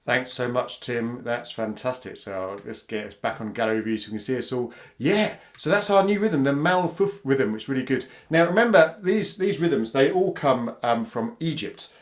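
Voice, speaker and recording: A man's voice: medium pitch, animated, moderate pace, hardly any pauses. A British man facilitating a live online drumming workshop for families over a video call, upbeat and encouraging. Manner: upbeat, encouraging, counts in loudly.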